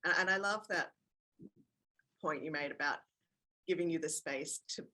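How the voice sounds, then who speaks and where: An interviewer asking gentle questions and affirming the guest's answers. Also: medium pitch, normal speed, poor audio.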